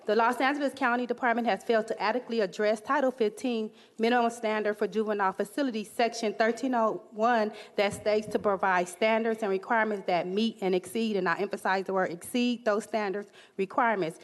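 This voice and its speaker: A woman union steward reading a prepared statement, deliberately stressing key words. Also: mid-range voice, steady tone. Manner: emphatic, reads code sections deliberately. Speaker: union steward, detention officer.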